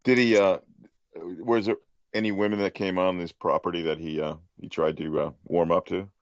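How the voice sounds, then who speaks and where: A man's voice: low-pitched, steady tone, normal speed, no room sound. A man hosting a casual interview, asking probing questions with hesitant fillers. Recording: dry, dull lo-fi audio.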